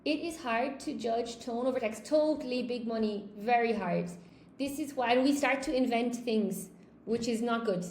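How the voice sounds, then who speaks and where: Chatty woman teacher, bright voice, roomy. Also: fairly high pitch, moderate pace, a little hiss or hum. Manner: chatty, candid, reads viewer comments aloud and answers them. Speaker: English teacher. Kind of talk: live-stream lesson, reading chat comments.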